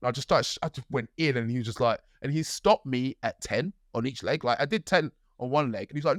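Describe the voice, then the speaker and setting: A young man co-hosting a podcast, telling a story in a lively way with acted-out quotes. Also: fairly high pitch, a little fast, no room sound, clean studio sound. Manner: animated storytelling, acts out quotes. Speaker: podcast co-host. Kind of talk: casual chat.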